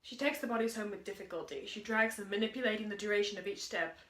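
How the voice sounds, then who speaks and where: A woman, a drama student, giving a brisk, upbeat school drama presentation. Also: medium pitch, fairly bright tone, slight background noise. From Australia. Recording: echoey room.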